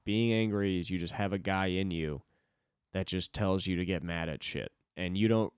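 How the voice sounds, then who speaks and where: A man's voice: deep voice, a little mellow, clean tone, no echo, studio quality. A young man hosting a solo podcast, rambling casually with lots of swearing and self-deprecating asides.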